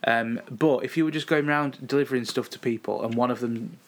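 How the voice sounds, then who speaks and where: A man's voice: medium pitch, a little fast. A man, co-hosting a casual chat and telling anecdotes in a laid-back, dryly funny way. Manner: laid-back, dry humour, tells anecdotes. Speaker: podcast co-host.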